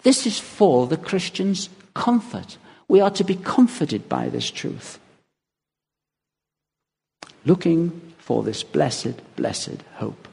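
A man preaching a sermon in a church, telling stories in a lively way and chuckling as he goes. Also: a little high, slow pace, gravelly, long pauses, slightly rough. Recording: long reverb of a large hall.

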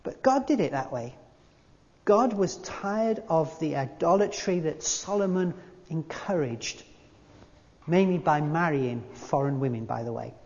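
Unhurried preacher in echoing hall. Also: male voice, a little high, expressive, darkish tone. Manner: emphatic, repeats key phrases, slows on quotations. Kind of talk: sermon. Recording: dull lo-fi sound with long hall reverb.

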